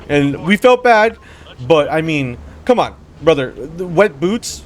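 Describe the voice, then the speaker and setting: Taking it slowly, a man with a voice on the high side and big pitch swings offers casual commentary as he plays a game. A gamer and commentator, he rambles between stories and reactions, slangy and profane, and calls listeners "brother."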